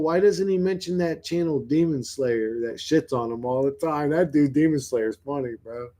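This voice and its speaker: A man's voice: a little high, a little mellow. A man hosting his own livestream, talking to his viewers in a blunt, rambling way that is full of swearing. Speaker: livestream host.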